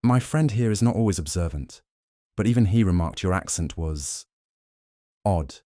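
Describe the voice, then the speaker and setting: A shrewd, theatrical detective, voiced by a male audiobook reader lays out his case in a low, deep voice. He is measured and grand, slipping into French now and then. The sound is close and dry. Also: lively intonation, dark tone, dry recording. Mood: triumphant. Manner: measured, dramatic accusations with French phrases. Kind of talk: audiobook character reading.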